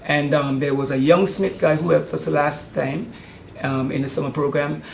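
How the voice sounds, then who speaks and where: A man's voice: a little high, steady tone, moderate pace, vocal fry, a little hiss or hum. An older man, chatting in an interview about the youth sports camp he runs, with many hesitant ums. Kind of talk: casual interview. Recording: roomy studio sound.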